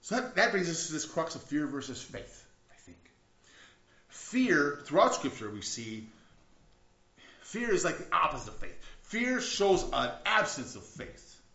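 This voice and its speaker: A man's voice: medium pitch, pushed and bright. A man preaching a sermon in a conversational way, with frequent restarts and rising outcries. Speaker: pastor. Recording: echoey, dull lo-fi church recording.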